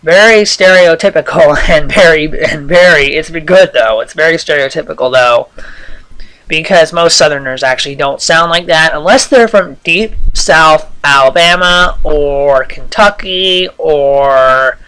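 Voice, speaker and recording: Man, game commentary, bright sharp tone, slightly high voice, rambling. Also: unhurried, clean tone, rough recording. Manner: rambling, many fillers and restarts. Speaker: gameplay commentator.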